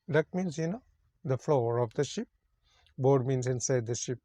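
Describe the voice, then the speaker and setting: A man's voice: medium pitch, moderate pace, warm tone, dry recording, studio quality. A man teaching English, reading a story passage aloud and then explaining its words in simple phrasing, repeating each meaning.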